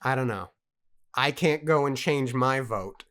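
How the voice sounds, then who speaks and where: A man on a casual book club show, reading passages aloud and breaking off to react. He talks emphatically and stammers when he gets worked up. His voice sits at a middling pitch. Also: unhurried, a bit bright, clear, resonant tone.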